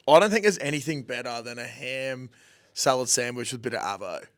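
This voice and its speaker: A man with an Australian accent, an easygoing guest telling relaxed stories on a podcast. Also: mid-range voice, fairly quick. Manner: easygoing storyteller. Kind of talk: casual chat.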